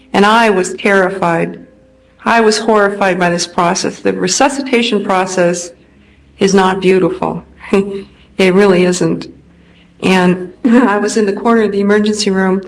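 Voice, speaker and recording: Woman telling her own story slowly and earnestly, lots of uhs, old restored tape w/ a little hiss. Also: medium pitch, rough recording. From California. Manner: earnest, unhurried storytelling with frequent hesitations. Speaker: speaker recounting a near-death experience. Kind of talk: personal testimony talk. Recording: restored old recording with faint noise.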